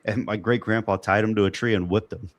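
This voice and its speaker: A man's voice: lowish voice, steady tone, fast talker. A man hosting a casual roundtable podcast, who rambles through stories and laughs often. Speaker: podcast host.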